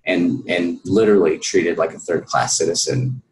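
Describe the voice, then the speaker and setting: A man's voice: sits low, level tone, moderate pace, hardly any pauses, roomy sound, a little hiss or hum, rough recording. A man telling his personal story as an interview guest, earnest and full of fillers.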